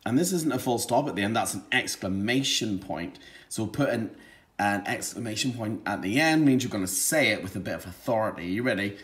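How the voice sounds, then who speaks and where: A man teaching a phonics lesson to young children, encouraging them and sounding out words clearly. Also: fairly low pitch, expressive, brisk, a bit bright.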